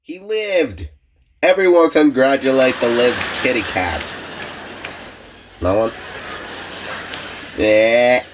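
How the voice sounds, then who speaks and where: A man's voice: medium pitch, takes it slowly, pauses often, lo-fi sound, very noisy. A young man hosting a reaction video, making joking, self-mocking asides as he comments casually.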